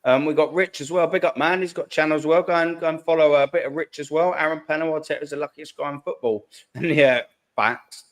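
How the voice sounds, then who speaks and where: A man's voice: a little high, fairly even intonation, fast talker. A man hosting a live fan call-in stream, chatty and slangy, swearing freely and calling everyone mate. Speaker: host of a fan call-in show. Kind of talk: casual live-stream chat.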